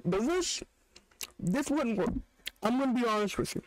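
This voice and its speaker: A man's voice: extremely high pitch, expressive, normal speed, no room sound, low-quality recording. A young man hosting a reaction video, joking and ranting in casual, rambling commentary. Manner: joking, rants with restarts.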